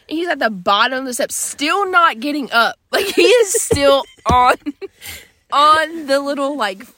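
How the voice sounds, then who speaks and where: A young woman with a high voice chats with friends, telling a funny household story and laughing her way through it. Her delivery is animated and loose, full of fillers and giggles. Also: unhurried, dry recording. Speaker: podcast co-host. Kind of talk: casual chat, storytelling.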